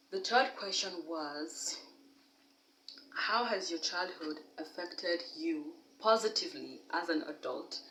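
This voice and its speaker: Young woman vlogger, fairly low voice, candid and animated, slightly distant mic in an echoey room. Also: slight background noise. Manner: candid, animated, laughs at herself. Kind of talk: casual talk to camera.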